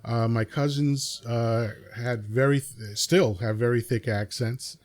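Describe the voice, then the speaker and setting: A man with a mild New York accent hosts a relaxed podcast conversation. He talks freely and easily, spinning out long personal stories in a mid-pitched voice. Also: unhurried. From Dominican Republic. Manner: easygoing, talkative storyteller. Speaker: podcast host. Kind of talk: casual interview chat.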